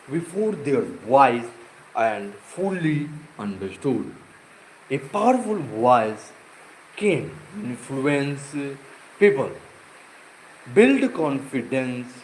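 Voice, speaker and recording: Slow, halting man practicing a speech. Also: medium pitch, darkish tone, slight background noise, rough recording. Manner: slow, halting delivery with pauses and self-corrections. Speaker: self-improvement vlogger.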